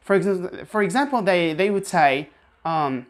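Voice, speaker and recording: Woman with a lowish voice, running a pronunciation lesson, drills words slowly. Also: animated. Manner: slow, drawn-out example words repeated for practice. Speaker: English pronunciation teacher.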